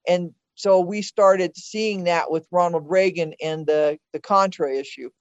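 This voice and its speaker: A woman's voice: lowish voice, fairly even intonation, unhurried, no room sound. An older woman talking earnestly about past elections on a podcast, opinionated and often restarting her sentences. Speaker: podcast guest, host's mother. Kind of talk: casual political conversation. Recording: dull dry sound.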